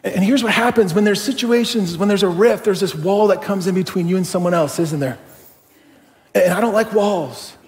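A middle-aged man, a pastor, preaching a sermon in a conversational, animated way and telling a personal story with rhetorical questions. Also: high voice, fairly quick. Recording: long hall reverb.

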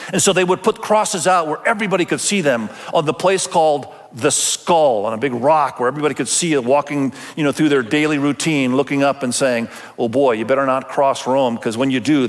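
Guy preaching in church, kinda higher voice, big echoey hall, chatty delivery that jumps into acted quotes. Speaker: pastor. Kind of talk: sermon.

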